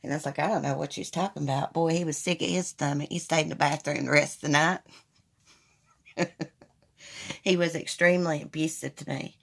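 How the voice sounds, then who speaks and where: A woman's voice: low-pitched, fairly even intonation, moderate pace, vocal fry, pauses often. A woman hosting a casual live chat, candidly telling personal stories to her viewers on a phone stream. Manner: candid, storytelling, addresses viewers as y'all. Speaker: livestream host.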